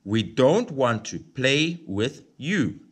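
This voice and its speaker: A man's voice: mid-range voice, big pitch swings, extremely slow, a bit bright, slightly rough, full character voice. A man voicing a group of dismissive rabbits in a storybook reading. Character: rude rabbits, a small group.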